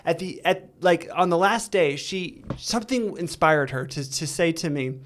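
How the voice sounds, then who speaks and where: A man, a podcast guest, telling a personal story in earnest, halting speech with frequent restarts. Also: on the high side, a bit bright, slight background noise. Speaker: interview guest. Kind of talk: candid storytelling in a recovery interview.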